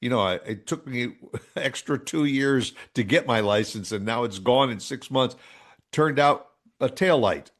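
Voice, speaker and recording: Brief: male podcast co-host, casual chat, medium pitch, frequent laughs, halting restarts. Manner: laughs often, stammers on restarts.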